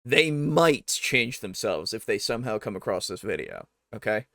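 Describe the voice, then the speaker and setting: A man reacting to videos as host, arguing with what he hears in an animated, talkative way and laughing often. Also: fairly low pitch, normal speed, no echo, studio quality. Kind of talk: casual reaction commentary.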